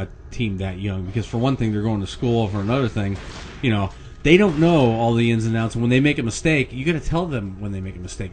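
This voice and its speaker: A man's voice: lowish voice, darkish tone, a little hiss or hum. A man from Pennsylvania commenting on his own gameplay, rambling and chatty with lots of fillers, chuckles and the odd curse. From Erie, Pennsylvania, US. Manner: rambling, chatty, frequent fillers and laughs, gets worked up and curses. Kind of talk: casual let's-play commentary.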